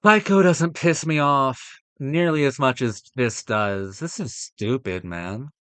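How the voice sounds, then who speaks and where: A young man reacting to a movie ranking, swearing often and swinging between loud exasperated outbursts and low muttering. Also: slow, no room sound. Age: young adult. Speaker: film reaction vlogger. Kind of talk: ranting reaction to a movie list.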